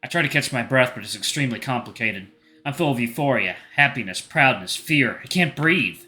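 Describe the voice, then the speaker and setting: A man reads as an anxious teenage boy narrating his own story from a visual novel, earnest and a little halting. The voice is bright and forward, and faint music plays underneath. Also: mid-range voice, animated. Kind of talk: reading a visual novel aloud.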